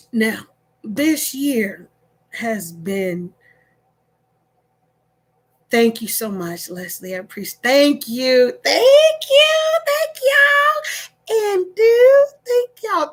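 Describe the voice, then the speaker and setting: Animated woman telling a story on livestream. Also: on the high side. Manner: animated, repeating phrases, checking in with viewers. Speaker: online storyteller.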